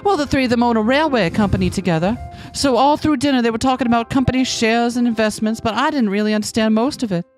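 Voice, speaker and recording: A woman's voice: on the high side, quick pace, hardly any pauses, faint music behind, close to an everyday voice. A woman voicing a naive, polite young noblewoman in a video game playthrough. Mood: earnest.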